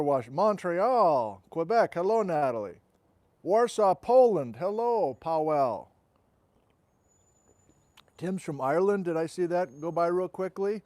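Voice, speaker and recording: A man hosts a casual outdoor livestream on a wireless transmitter-and-receiver mic, chatting and greeting viewers as he reads out where they're from. His voice sits on the high side with a darkish tone, and the recording is dry.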